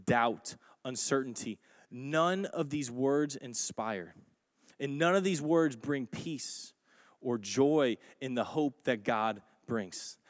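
A man preaching a sermon in a church, moving from quiet, intimate lines to loud, emphatic ones. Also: mid-range voice, no room sound, studio quality. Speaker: pastor. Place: church sanctuary.

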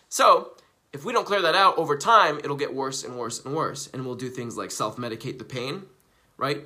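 A young man live streaming in a loose, casual way, with a bright, forceful voice. He rambles, curses freely and repeats his points, and he swings between loud outbursts and quiet asides. His pitch sits in the middle for a man. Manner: animated and profane, swings from loud to hushed. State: coughing from recently quitting smoking.

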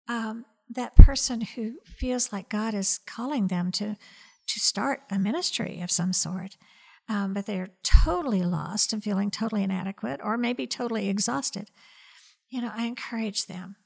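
A woman who directs a ministry, giving an earnest faith testimony in an interview, slow and hesitant with many fillers and soft, breathy stretches. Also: medium pitch.

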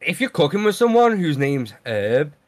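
A man's voice: a little high, sing-song, moderate pace. A young man with a British accent, chatting casually over online voice chat, mocking his friend and swearing freely.

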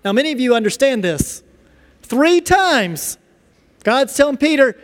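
A man preaching a sermon in a church, reading scripture and explaining it in an animated way. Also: very high-pitched, measured pace, pauses often. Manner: animated, acts out little dialogues. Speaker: pastor. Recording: long reverb of a large hall.

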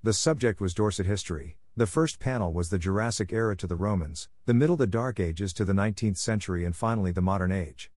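A man reading the lines of a calm woman who runs a gallery and explains things in a measured way. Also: deep voice, dry recording, studio quality.

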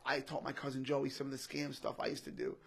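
A man's voice: mid-range voice, flat delivery, fast, gravelly, breathy edge. A young man telling an emotional personal story in casual podcast chat, often saying "bro" and "literally". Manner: repeats himself, says "bro" and "literally" often. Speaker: podcast guest, comedian.

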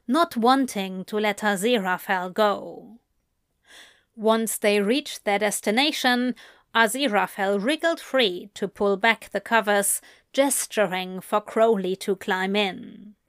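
A woman narrating a fan fiction story in a calm, unhurried way. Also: mid-range voice, clean tone, dry recording, clean studio sound.

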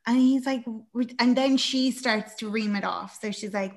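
A woman's voice: on the high side, moderate pace, few pauses. A woman hosting a podcast, retelling a film plot in casual, sweary chat and acting out the characters' lines. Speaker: podcast host.

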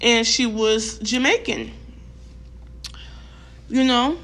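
A young woman, telling a storytime rant to her vlog audience, animated and profane, with lots of filler words and re-enacted quotes. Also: on the high side, drawn-out words. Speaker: vlogger.

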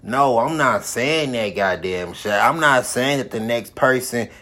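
A man's voice: mid-range voice, animated, measured pace, pushed and bright. A man hosting his own podcast, giving a profane, repetitive motivational monologue with heavy swearing. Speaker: podcast host.

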